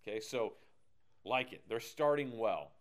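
Energetic, joking Bible teacher, a man. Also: medium pitch, measured pace.

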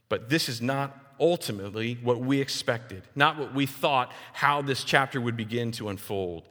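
A man in his forties preaches in a church, acting out the voices of the people in his stories. His voice is bright and forceful at a middle pitch. It rings out with a long hall reverb. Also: normal speed, hardly any pauses. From Texas. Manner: animated storyteller who acts out other people's voices. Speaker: pastor. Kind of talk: sermon with personal stories.

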